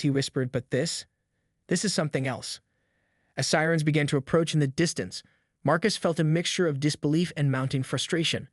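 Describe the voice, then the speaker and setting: A man's voice: fairly high pitch, no echo. Man narrating a story, dry sound.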